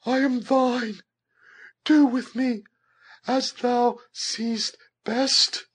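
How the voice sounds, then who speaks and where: A man reading an audiobook, voicing a meek yet defiant young woman held captive, in a high, strained voice. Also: steady tone, extremely slow, slightly rough, heavily acted.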